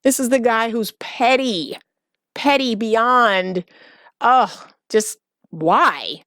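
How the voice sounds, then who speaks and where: A woman's voice: on the high side, drawn-out words, a bit bright, no echo, clean studio sound. A woman relationship coach giving emphatic advice to camera, repeating key words for stress. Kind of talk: direct-to-camera advice talk.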